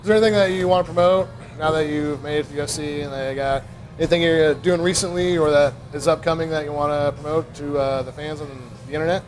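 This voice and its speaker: A man's voice: a little high, steady tone, fast talker. A man hosting a podcast, joking and bantering with his guest in casual chat. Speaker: podcast host.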